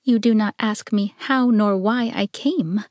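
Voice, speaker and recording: A woman's voice: medium pitch, a little slow, a little mellow, dry recording, studio quality, close to an everyday voice. A woman putting on a trembling, passionate young woman. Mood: tender. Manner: pleading, tremulous. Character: young woman, tender, passionate, easily frightened.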